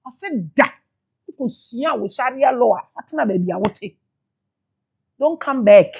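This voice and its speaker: Impassioned Ghanaian woman, high voice. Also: animated, moderate pace, vocal fry, pauses often, slightly rough. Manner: emotional, shouting exclamations, switching into Twi. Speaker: spiritual teacher. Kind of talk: impassioned spiritual commentary.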